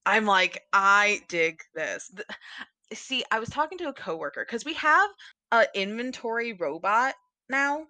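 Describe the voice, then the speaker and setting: Woman podcast co-host, bright and dry-sounding, rambly and giggly. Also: on the high side, very animated, moderate pace, no echo. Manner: rambling, giggly, many fillers. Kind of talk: casual chat about books.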